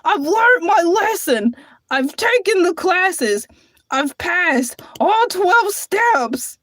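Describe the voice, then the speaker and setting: Hercules the Shark, squeaky woman-voiced tough-guy shark. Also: sing-song, very slow, fairly bright tone, no echo, clean studio sound, heavily acted. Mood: mopey. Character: tough-talking boastful male cartoon shark. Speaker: show host. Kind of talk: comedy character monologue.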